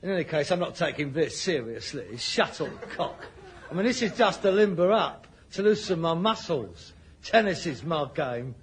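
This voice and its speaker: A pompous, exasperated son. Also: male voice, a little high, sing-song, moderate pace, slight background noise. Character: snobbish, exasperated grown son with social ambitions. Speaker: frustrated grown son in a sitcom. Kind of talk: vintage radio sitcom acting.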